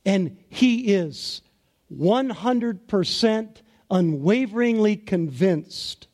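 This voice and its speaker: A man preaching a sermon as pastor, in a slow, deliberate and emphatic way. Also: high voice, expressive, darkish tone.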